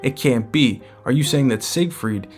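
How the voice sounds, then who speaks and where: A stern old chief god who issues cold, commanding verdicts, as a man reads his lines in a comic recap. The delivery stays at a middling pitch with faint music underneath. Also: expressive, moderate pace, lightly acted.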